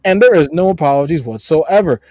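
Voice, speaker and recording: This is a man co-hosting a podcast and reacting bluntly to viewer comments, sarcastic and quick to swear. His voice sits a bit high and swings widely in pitch. The sound is dry and close, with no room echo. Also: animated, warm tone. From United States. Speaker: podcast co-host.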